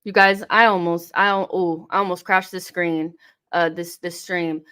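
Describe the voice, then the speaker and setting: A young woman hosting a live football watchalong, reacting to the match, swearing and shouting at the players. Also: on the low side, flat delivery, moderate pace, smooth.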